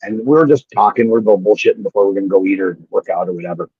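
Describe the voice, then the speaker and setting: Husky-voiced man swearing through wrestling stories. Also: on the low side, racing, dry recording. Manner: profane, animated anecdotes with frequent restarts. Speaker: guest, former pro wrestler. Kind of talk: casual storytelling on a live show. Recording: dull lo-fi sound.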